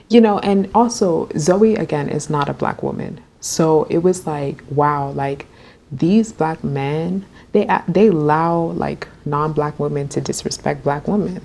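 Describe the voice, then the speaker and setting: Low-voiced young woman telling a story. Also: a little slow, vocal fry. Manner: animated and chatty with many fillers. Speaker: vlogger. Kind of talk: storytime vlog.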